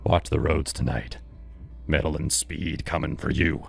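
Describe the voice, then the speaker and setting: A man doing a gravelly old squatter seer. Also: rumbling low, fairly even intonation, voice pushed down, full character voice. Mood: ominous. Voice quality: gravelly, rasping. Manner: slow, foreboding warnings. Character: ragged old male squatter, ominous seer. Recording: music playing behind.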